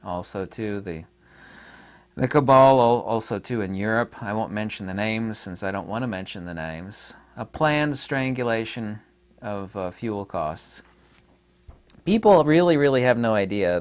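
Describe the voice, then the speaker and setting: An American online commentator rambles through a casual solo monologue to his audience, emphatic and full of fillers and restarts. His fairly low voice is animated and moves at a moderate pace.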